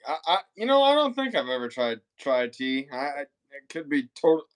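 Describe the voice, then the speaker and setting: A man's voice: fairly high pitch, very animated, normal speed. A man hosting a live talk show over a video call, enthusiastic and playful with his guest. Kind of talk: casual live interview chat.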